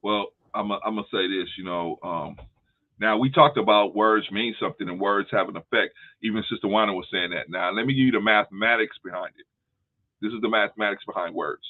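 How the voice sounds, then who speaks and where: Low-voiced man on a tinny phone line. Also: a little fast. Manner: explains at length with homespun analogies, frequent restarts. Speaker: host. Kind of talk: casual discussion.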